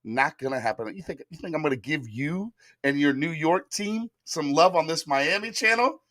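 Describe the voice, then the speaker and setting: A man hosting a sports live stream, talking in a hyped, animated way straight to his viewers. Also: a little high, moderate pace, no room sound, studio quality. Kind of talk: casual live-stream chat.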